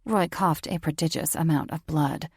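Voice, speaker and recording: A woman narrating a romance audiobook in an even, measured storytelling voice. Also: low voice, husky, dry recording, clean studio sound.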